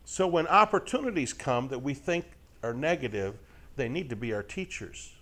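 Speaking at a medium pitch and moderate pace, a middle-aged Bible teacher delivers a conversational sermon to a live group. He is lively and folksy, jokes with his listeners, and constantly checks in with rhetorical and tag questions.

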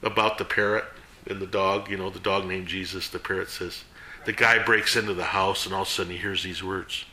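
Folksy man with a bright voice. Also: low-pitched, a little fast, roomy sound. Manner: folksy, animated, jumps between loud and hushed. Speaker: Bible teacher. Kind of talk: casual sermon to a small group.

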